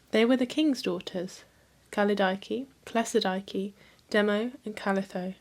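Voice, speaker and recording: A woman hosting a history channel, reading a mythology book aloud in a calm, even storytelling manner. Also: medium pitch.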